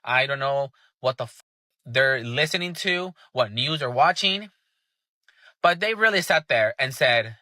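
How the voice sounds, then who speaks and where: A man's voice: medium pitch, lively intonation, measured pace, pushed and bright, no room sound. A man ranting angrily and sarcastically, swearing heavily in casual commentary. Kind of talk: angry profane rant.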